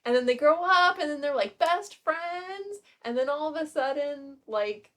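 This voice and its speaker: A woman co-hosting a podcast, chatting casually and telling animated stories full of "like", laughing as she goes. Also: high voice, a little slow. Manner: animated storytelling, laughing and tearful; many "like" fillers. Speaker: podcast co-host. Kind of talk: casual chat.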